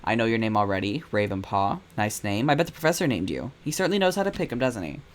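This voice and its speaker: Man reading as a soft-spoken British assistant, coaxing and earnest. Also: lowish voice, very animated, fast. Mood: gentle. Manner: gentle, coaxing. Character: earnest young male vet assistant.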